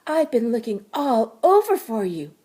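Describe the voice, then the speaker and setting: A woman's voice: on the high side, big pitch swings, unhurried, mellow. A woman voicing an eager little girl who hunts for her missing friend in a children's storybook. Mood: excited. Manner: urgent, eager questioning.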